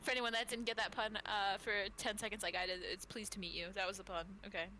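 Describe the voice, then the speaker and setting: A woman's voice: mid-range voice, level tone, fast talker, sharp tone, slight background noise, rough recording. A woman playing a comic tabletop role-play game on a stream, chatting with giggly, self-mocking banter. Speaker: player.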